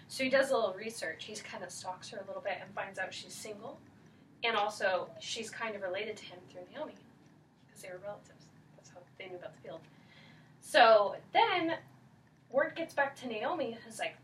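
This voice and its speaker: A woman's voice: mid-range voice, animated, moderate pace. A woman casually retelling a Bible story with slang and giggles, directing someone acting it out. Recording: distant mic, faint background noise.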